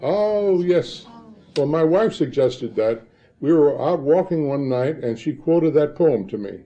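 With a dark, expressive voice on the high side, an older northern Illinois man speaks unhurriedly to an audience of librarians, the recording's highs cut off. This Midwesterner rambles through anecdotes, frequently tagging lines with "huh?".

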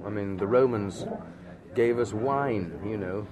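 A man's voice: on the low side, unhurried. An actor answering interview questions frankly and chattily in a busy restaurant, restarting his words and leaning on "you know". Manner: chatty, frank, repeats words when starting, fills gaps with "you know". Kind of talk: relaxed conversational interview. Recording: loud crowd chatter behind.

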